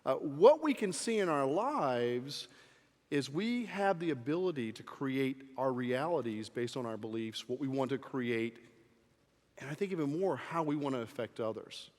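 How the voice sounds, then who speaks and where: A man giving a motivational talk at a live event, telling a joke in an animated storytelling manner. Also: medium pitch, normal speed. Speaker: motivational speaker. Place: event hall. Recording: long reverb of an event hall.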